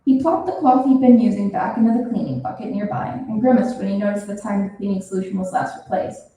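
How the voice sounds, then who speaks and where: A woman's voice: mid-range voice, quick pace, a little hiss or hum. Young woman reading her story aloud, roomy. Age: young adult. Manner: expressive, animated reading. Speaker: student author reading her fiction. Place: reading event room. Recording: roomy, from a distance.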